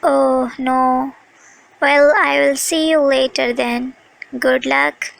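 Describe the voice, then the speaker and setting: A woman's voice: high voice, level tone, slow, vocal fry, full character voice, poor audio. A woman voicing a friendly young woman who chats with a friend in a scripted lesson dialogue.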